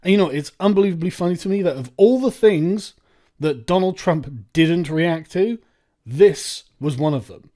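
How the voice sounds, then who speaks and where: A man's voice: high voice, moderate pace, mellow. A man hosting a reaction commentary, ranting in a sarcastic, profane way. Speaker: commentary video host.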